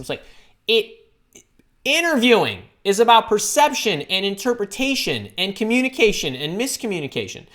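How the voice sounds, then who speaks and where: Woman career coach on a live stream, energetic and chatty, mid-range voice, greets viewers by name. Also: mid-range voice, moderate pace.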